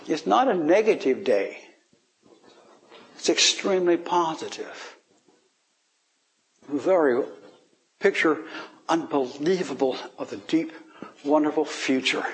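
A man gives an informal Bible teaching, posing rhetorical questions to his listeners and chuckling as he explains. His pitch swings up and down for emphasis.

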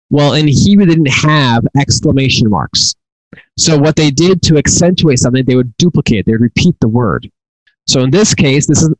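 A man's voice: on the high side, dry recording, low-quality recording. Earnest man teaching scripture, dry sound. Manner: earnest, repeats words, restarts often. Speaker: Bible teacher. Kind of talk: Torah teaching.

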